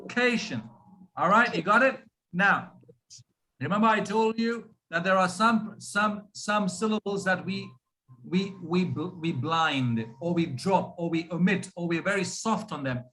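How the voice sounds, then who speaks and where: A man with a notably high, bright voice coaches pronunciation on a video call. He slows down and drags out each demonstration word, patient and deliberate, breaking syllables apart for the learner. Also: low-quality recording. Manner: slow, drawn-out demonstration of words, patient. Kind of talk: online speaking lesson.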